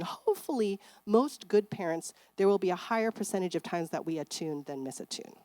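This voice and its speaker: A middle-aged woman giving a church seminar talk on parenting, chatty and animated, acting out parents and kids in bright voices. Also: mid-range voice, normal speed, few pauses, no echo. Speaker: seminar speaker.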